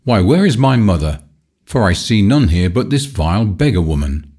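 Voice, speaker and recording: A man's voice: lowish voice, big pitch swings, moderate pace, darkish tone, breathy edge. A man voicing a proud, cruel boy who speaks in hard, scornful archaic phrases in a storybook reading.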